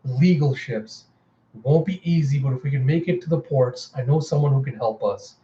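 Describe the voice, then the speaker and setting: A man voicing a grim, protective father on the run, speaking low, urgent and terse. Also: normal speed, dark tone, reverberant, lo-fi sound, slight background noise, lightly acted.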